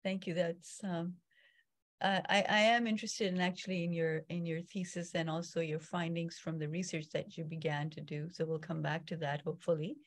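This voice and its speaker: A woman's voice: fairly low pitch, little pitch movement, moderate pace. A woman moderating a panel discussion, polite and hesitant, with fillers as she frames her questions.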